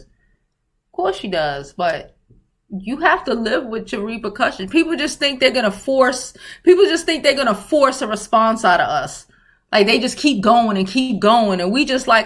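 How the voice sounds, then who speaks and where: A woman's voice: medium pitch, a bit bright. A woman hosting a casual livestream, talking bluntly and profanely and often laughing as she answers viewer comments. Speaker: livestream host.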